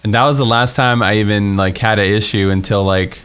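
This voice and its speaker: A man's voice: lowish voice, steady tone, brisk, a bit bright, smooth, soft background music. A young man streaming a game, telling a story in a casual, rambling way with many fillers and restarts. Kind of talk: casual storytelling while playing.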